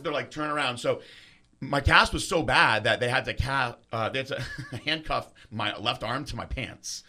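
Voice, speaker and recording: A man's voice: medium pitch, moderate pace. A man in casual chat, telling a story animatedly, acting out the other people's lines and swearing freely. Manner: animated, acts out quoted voices, swears freely.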